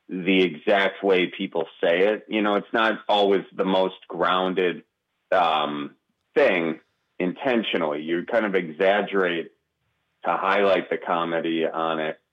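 A man with a Wisconsin accent, a comedian guest in a casual interview, talking haltingly with many restarts and fillers. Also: deep voice, lo-fi sound.

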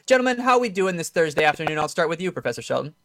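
Male talk radio host, somewhat high voice, upbeat and promotional, live call-in show. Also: big pitch swings, very fast, fairly bright tone, dry recording, clean studio sound.

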